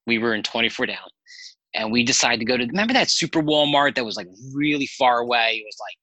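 Very bright-voiced man telling rambling stories. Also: medium pitch, fast talker, no room sound, lo-fi sound. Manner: animated, rambling anecdotes with profanity. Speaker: podcast guest. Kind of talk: casual storytelling chat.

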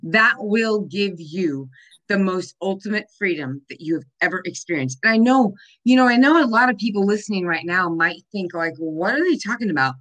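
A woman of middle pitch hosting a podcast in a relaxed, casual chat. She speaks earnestly and fills her sentences with "like" and "you know.". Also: normal speed, rough recording. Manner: earnest, many fillers like "like". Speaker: podcast host.

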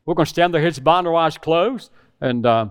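A man's voice: on the high side, normal speed, clean tone. A middle-aged man preaching a sermon to a room of men, telling a personal story and acting out the phone calls in it. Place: church hall with audience.

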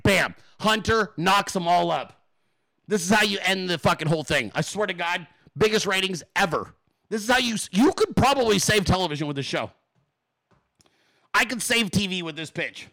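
A man hosting his show, swearing constantly and pitching ideas in an excited, rapid-fire comedic rant. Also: gravelly. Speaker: show host.

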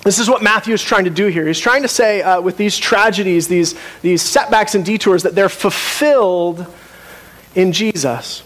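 A man's voice: high-pitched, moderate pace, a bit bright. A man preaching a sermon in a conversational way, asking the congregation questions and often restarting his sentences. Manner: conversational, with frequent restarts and asides. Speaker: pastor.

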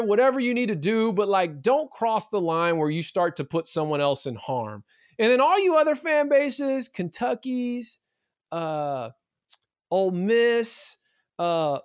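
A high-voiced man talks college football on a podcast, quick to opinions and full of restarts. The sound is close and dry, with no room around it. He keeps it casual and animated. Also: clear, resonant tone, dry recording. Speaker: podcast co-host. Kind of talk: casual sports talk.

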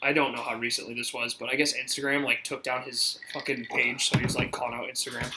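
A man's voice: medium pitch, little pitch movement, fast talker, background noise. A man in his twenties co-hosting a podcast, joking and swearing freely in casual chat. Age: 20s. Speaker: podcast co-host.

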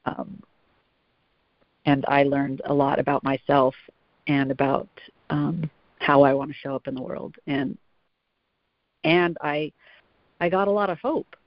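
A woman's voice: sits low, steady tone, a little slow, long pauses, no room sound. A woman guest on a podcast, talking in a reflective way and laughing easily. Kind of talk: casual interview chat. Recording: dull, dry sound.

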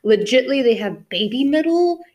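A woman's voice: sits high, expressive, normal speed, a little mellow. A young woman co-hosts a casual podcast chat, rambling from one topic to the next. She is blunt and swears freely, with frequent restarts. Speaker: podcast co-host.

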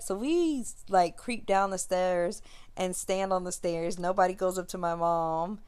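A woman's voice: fairly low pitch, unhurried, clear, resonant tone. A young woman host casually telling a funny teenage story, acting out the people in it and laughing along. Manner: animated, acts out quotes, laughs while telling. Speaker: podcast host.

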